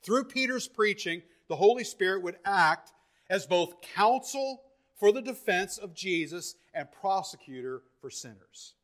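Fervent high-voiced male preacher. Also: animated, measured pace. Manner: fervent, building to loud emphatic peaks; repeats words and restarts phrases. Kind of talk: sermon.

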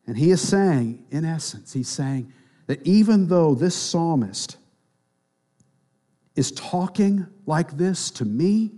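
A man preaching a sermon, swinging between quiet, near-whispered lines and loud, emphatic passages. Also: fairly high pitch, lively intonation, slow.

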